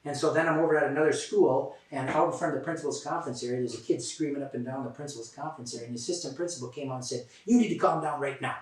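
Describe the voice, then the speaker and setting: Fast-talking man lecturing in an echoey hall. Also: mid-range voice, crowd noise. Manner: animated anecdotes, acts out quoted people, bursts loud when heated. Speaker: substance use prevention presenter. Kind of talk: storytelling lecture to a room. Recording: very echoey room, voice from far off the mic.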